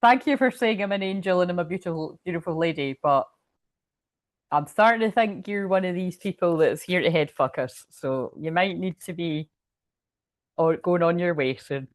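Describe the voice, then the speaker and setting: Woman, rambling profane storyteller, low voice, dry close sound. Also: moderate pace, dry recording. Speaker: spiritual reader. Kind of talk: casual live-stream chat.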